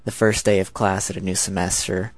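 A man's voice: low-pitched, little pitch movement, fairly quick. A 19-year-old man with an American accent, talking in a chatty, rambling monologue. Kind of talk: casual spoken monologue.

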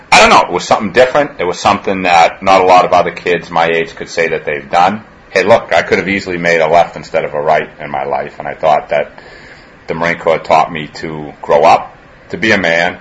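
Man, Boston accent, very low voice, earnest conversational interview talk, faint background hum. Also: fairly bright tone, muffled recording. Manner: conversational, earnest, peppered with "you know". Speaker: campus police officer.

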